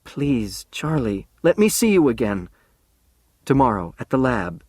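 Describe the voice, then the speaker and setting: A man reading as a gentle, cautious young woman teacher. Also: medium pitch, sing-song, a little slow, dry recording, clean studio sound. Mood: gently cautious. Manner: soft, pleading, patient.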